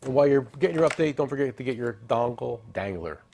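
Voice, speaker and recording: A middle-aged man hosting a tool show, chatting casually and joking as he pitches products and tells stories. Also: animated, fast, vocal fry, warm tone. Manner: joking, rambling, salesy with asides. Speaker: tool dealer and show host. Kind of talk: casual product talk and storytelling.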